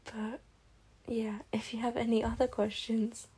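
A British woman chatting casually to her listeners, soft-voiced and often slipping into a whisper, with a giggly, relaxed manner. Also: on the high side, a little slow, breathy edge. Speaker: audio creator talking to listeners.

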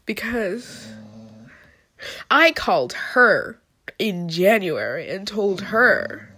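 A woman's voice: medium pitch, big pitch swings, drawn-out words, long pauses, sharp tone, slightly rough. A young woman crying as she talks through a personal vlog at home, raw, rambling and swearing. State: crying, sniffling. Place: indoors at home, in bed.

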